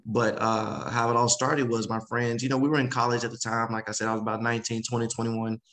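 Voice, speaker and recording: Animated man telling his story. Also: medium pitch, fast, rough recording. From Memphis, Tennessee. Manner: animated, acts out quoted voices. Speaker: guest speaker. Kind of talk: casual interview storytelling.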